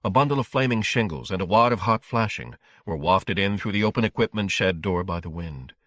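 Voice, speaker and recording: A man reading a horror audiobook in a measured, dramatic storytelling manner. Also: low-pitched, expressive, a bit bright, no echo, clean studio sound. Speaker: audiobook narrator. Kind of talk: scripted audiobook narration.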